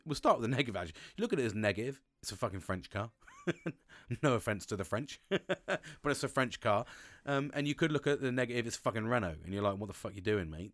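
A man, talking candidly and excitably to camera, swearing constantly and restarting sentences. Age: 40s. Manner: swears constantly, animated, pitch jumps with excitement. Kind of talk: candid monologue.

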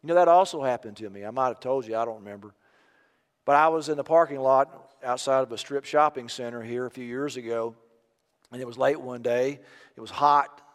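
An older man preaching a sermon as pastor, impassioned and rising to loud emphatic peaks. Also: medium pitch, a little fast. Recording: long reverb of a large hall.

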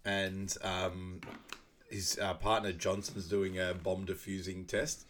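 A man's voice: sits low, little pitch movement, slow, fairly bright tone, a little hiss or hum. A young man co-hosting a podcast, recapping a movie in casual chat and often laughing as he acts out lines. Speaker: podcast co-host.

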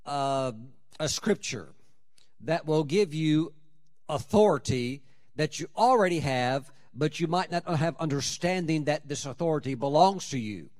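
A man preaching a sermon, stressing key words and slowing down to drive points home. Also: fairly high pitch, lively intonation, a little mellow.

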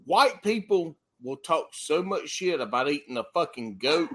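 Brash, bright-voiced podcast co-host. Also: male voice, a little high, animated, unhurried, slightly rough. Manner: brash, profane, joking. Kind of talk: casual chat.

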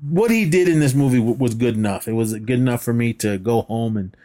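A fairly quick, medium-pitched man co-hosts a podcast, breezily recapping a movie scene by scene. He brings it to life by acting out quotes, swears freely, and laughs often.

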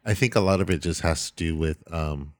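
A man's voice: very deep voice, brisk, no echo, clean studio sound. A man in casual chat, easygoing and laughing along, often restarting his sentences.

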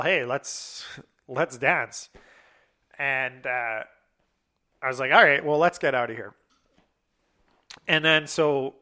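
A man's voice: mid-range voice, bright, forceful tone. A young man casually telling a rambling personal anecdote, swearing freely and acting out the lines of people in the story. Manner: profane, rambling, acts out quoted lines.

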